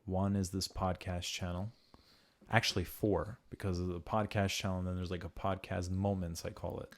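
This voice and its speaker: Gravelly-voiced man hosting a casual podcast. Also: sits low, normal speed. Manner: profane, animated, acts out quoted voices. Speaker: podcast host.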